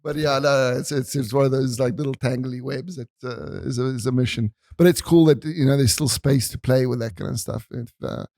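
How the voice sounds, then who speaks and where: A man's voice: medium pitch, brisk, gravelly, few pauses, dark tone, no room sound, clean studio sound. A man hosting a podcast, laid-back and joking in casual slangy chat. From South Africa.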